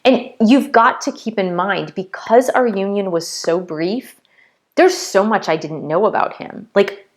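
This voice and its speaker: Speaking unhurriedly with a medium pitch and lively intonation, a woman shares her spiritual testimony in a vlog. She's sincere and casual, circling back to the same phrases and using lots of "like"s, and at moments she's emotional, almost crying.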